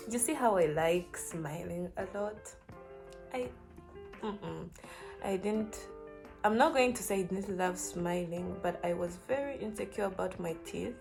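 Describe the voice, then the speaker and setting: A woman's voice: medium pitch, vocal fry, a little mellow. A young woman giving casual, earnest advice to camera, encouraging and full of "like" and "you know". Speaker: vlogger.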